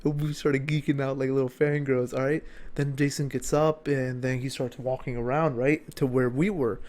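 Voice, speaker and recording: A young man, a gaming YouTuber, telling an animated story in a casual vlog, fast and full of swearing, with bursts of shouted excitement. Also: mid-range voice.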